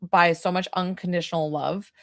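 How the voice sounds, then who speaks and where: A woman's voice: on the low side, steady tone, moderate pace, a bit bright, dry recording, clean studio sound. Woman putting on a brash New York uncle spirit. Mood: jovial. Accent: put-on New York. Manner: brash, sassy. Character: boisterous jolly male spirit of a partying uncle.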